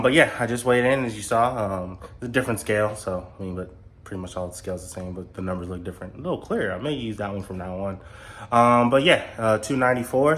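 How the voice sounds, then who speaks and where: A man chatting casually to camera in a home vlog, filmed in his kitchen, with many ums and restarts. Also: lowish voice. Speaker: vlogger.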